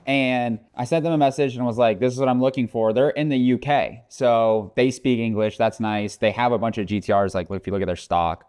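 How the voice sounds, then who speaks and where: A man's voice: medium pitch, fairly even intonation, a little fast, few pauses, a little mellow, clean tone. A man vlogging casually, joking around, swearing often and rambling. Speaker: car vlogger. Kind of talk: casual vlog talk.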